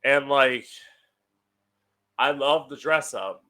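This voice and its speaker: A young man talks through a solo podcast from his house in an unhurried, drawn-out way. He is chatty and sardonic, with a mid-range voice, and drops swear words freely. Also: medium pitch, sharp tone. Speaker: podcast host. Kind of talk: casual solo podcast monologue. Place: at home.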